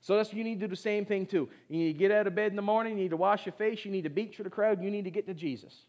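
Male pastor, high voice, conversational exhorting sermon, pushes the room to answer back. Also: rapid-fire, darkish tone. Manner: exhorting, call-and-response with the congregation; conversational, repeats short phrases. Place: church service before a congregation.

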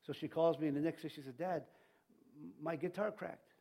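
A man's voice: on the high side, brisk, creaky, mellow, slight background noise. A middle-aged man, preaching a sermon in a church, rambling and folksy, with many restarts and fillers. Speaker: pastor. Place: church sanctuary.

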